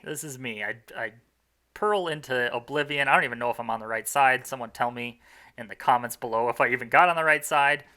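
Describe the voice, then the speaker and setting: A man's voice: medium pitch, sharp tone. A young man commentating his own game run in a casual, rambling, self-mocking way, full of fillers and restarts.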